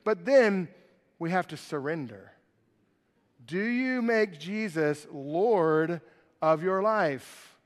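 A man preaching a sermon as pastor, animated, swinging from loud emphasis to soft, hushed lines. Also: sits high, slow pace, in a large hall. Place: church sanctuary.

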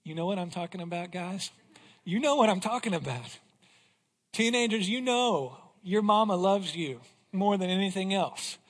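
A man with a fairly high voice preaches a sermon, reading scripture with earnest, rising emphasis. His voice rings out with a long reverb in a church sanctuary. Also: animated, moderate pace. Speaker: pastor.

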